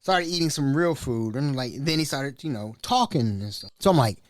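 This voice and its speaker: Brief: male chef spinning workplace tales, animated, colloquial, lively pitch. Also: moderate pace, dry recording. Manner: animated, colloquial, laughing asides. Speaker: chef, storyteller. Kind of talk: casual anecdotal storytelling.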